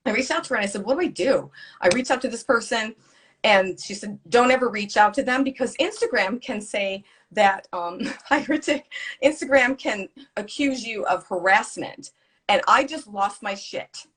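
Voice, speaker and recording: Husky, outspoken woman telling a story. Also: a little high, normal speed. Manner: animated storyteller who swears freely. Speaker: guest. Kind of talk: casual conversation.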